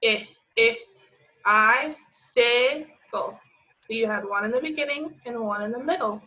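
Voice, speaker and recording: A woman teaching a remote phonics lesson to young children, stretching out each word slowly as she sounds it. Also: fairly high pitch, a bit bright. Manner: slow, drawn-out sounding of words. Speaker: preschool teacher. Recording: slightly dull lo-fi audio.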